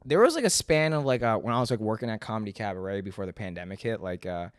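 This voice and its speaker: A young man hosting a podcast, chatting casually with lots of "like" and quick agreement. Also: on the low side, expressive, a little hiss or hum. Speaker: podcast host and comedian.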